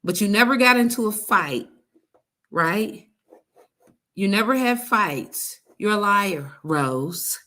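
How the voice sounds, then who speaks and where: A woman's voice: medium pitch, expressive, slow, pushed and bright. A woman hosting a livestream, mocking and sarcastically calling out a woman in a clip. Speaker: livestream host. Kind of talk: reaction commentary.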